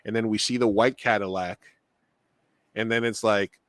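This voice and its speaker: A man with a fairly low voice talks through a podcast conversation in a loose, rambling way. He gets animated, piles on fillers and restarts, and sounds close and dry with no room around him. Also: normal speed, no echo. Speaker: podcast co-host. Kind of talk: casual chat.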